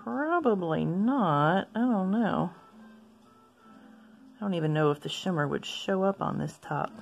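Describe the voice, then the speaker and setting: A woman with a fairly low voice that swings up and down a lot. She talks casually and rambles into side stories while gently poking fun at herself. Soft music plays faintly behind her. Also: animated, unhurried, gravelly. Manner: chatty, rambling, self-deprecating asides. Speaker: stationery vlogger. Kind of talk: casual chat while swatching inks.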